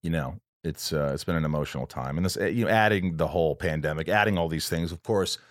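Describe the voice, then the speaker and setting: A man's voice: rumbling low, fast, no echo, clean studio sound. A male podcast host in casual chat, telling a personal story in an earnest, rambling and emotional way, with frequent restarts.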